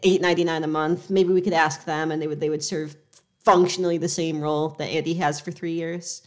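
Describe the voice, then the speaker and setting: A woman co-hosting a comedy podcast, talking in a dry, rambling, deadpan way. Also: low voice, brisk. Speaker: podcast co-host.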